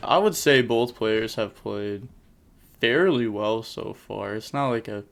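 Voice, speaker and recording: A young adult man casually commentating card game replays, rattling off plays in quick bursts with jokey asides. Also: lowish voice, vocal fry, fairly bright tone.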